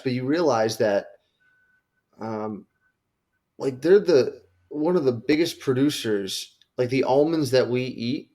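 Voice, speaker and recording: A man's voice: mid-range voice, a little slow, mellow. A man co-hosting a podcast, talking in a loose, conversational way full of fillers and restarts. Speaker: podcast co-host. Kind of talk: casual podcast chat.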